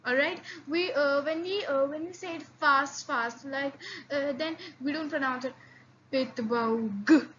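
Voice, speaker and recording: A woman teaching an online lesson in a high, bright voice. She talks slowly and haltingly, repeats herself, and drills sounds one at a time. The recording sounds a little dull, with faint hiss behind her. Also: steady tone. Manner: halting, many fillers and repeats; slow drilled repetitions of sounds. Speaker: language teacher. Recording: slightly dull lo-fi audio with faint noise.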